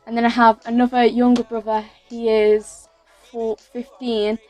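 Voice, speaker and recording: A teenage girl talks her way through a casual Q&A vlog, her voice pitched a little high. She rambles, fills gaps with "um" and "like", and corrects herself mid-sentence. Faint music plays quietly behind her. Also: level tone, a little slow. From England. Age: teens. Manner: chatty and rambling, many fillers and self-corrections. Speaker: YouTuber.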